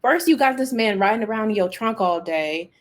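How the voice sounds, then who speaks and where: This podcast host recaps TV in a chatty, fairly quick, medium-pitched voice, peppering her talk with "like" and "you know." She gets animated, laughs and exclaims, and performs the characters' dialogue herself.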